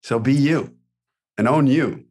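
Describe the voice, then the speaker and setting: A man's voice: mid-range voice, slow, a little mellow. A man hosting a casual podcast interview. He talks in an upbeat, encouraging, coach-like way, full of motivational advice. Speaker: podcast host.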